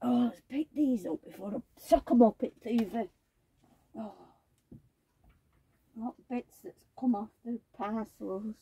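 Husky, gravelly woman. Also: on the high side, takes it slowly, pauses often, warm tone, dry recording, low-quality recording. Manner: homely, rambling, fond chatter. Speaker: doll collector vlogger. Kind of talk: casual chatty vlog, talking to dolls. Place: indoors at home.

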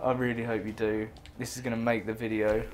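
A woman's voice: a bass voice, level tone, a little fast, a little mellow. A woman giving let's-play commentary over a strategy game, swearing constantly in mock outrage. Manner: profane, mock-outraged trash talk. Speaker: video game player.

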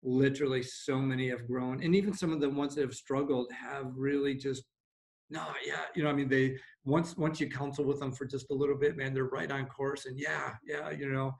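Man, pastor, upbeat, chatty, lots of fillers, video call, mid pitch. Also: flat delivery, brisk, gravelly, rough recording. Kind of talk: casual video-call conversation.

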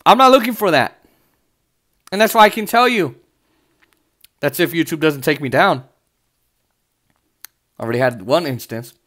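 A man's voice: on the high side, expressive, normal speed, pauses often, fairly bright tone. A man from the United States giving heated, sarcastic political commentary, swearing often as he rants.

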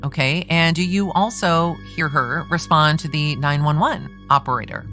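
A woman true crime podcast host reads a trial transcript aloud, voicing a persistent male defense attorney who presses a witness with leading questions in a pressing mood. Her voice is low and fairly bright, at normal speed, with faint music behind.

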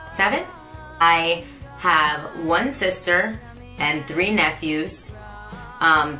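A woman's voice: low voice, sharp tone, low-quality recording. A woman in her late twenties chatting casually to camera as a vlogger, playful and self-mocking. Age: late 20s.

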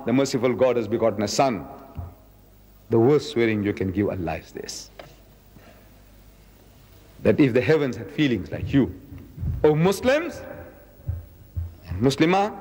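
A man in his seventies giving a public religious lecture, emphatic, repeating key words and slowing down to quote verses. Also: mid-range voice, a little mellow, big-room sound. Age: 70s.

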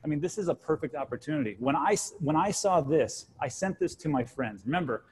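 Fast-talking animated man in his forties. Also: on the high side, slight background noise, poor audio. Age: 40s. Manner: animated storyteller, acts out quotes. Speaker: guest co-host, crypto channel host. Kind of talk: casual panel chat.

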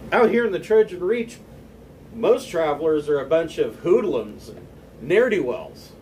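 A man voicing a gracious, earnest noblewoman in a tabletop game, speaking haltingly with many fillers. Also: a little high, very animated, a little mellow, distant mic, a little hiss or hum, poor audio. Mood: grateful. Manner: hesitant, halting speech with fillers.

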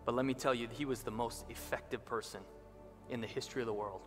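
A man's voice: medium pitch, steady tone. Impassioned male pastor in a reverberant church. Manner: impassioned preaching, slows and rises for emphasis. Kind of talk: sermon. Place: church sanctuary. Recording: reverberant church hall with music behind.

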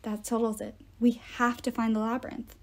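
A woman's voice: a little high, flat delivery, moderate pace, darkish tone, lightly acted. Woman reading a blunt, practical teenage girl. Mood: matter-of-fact.

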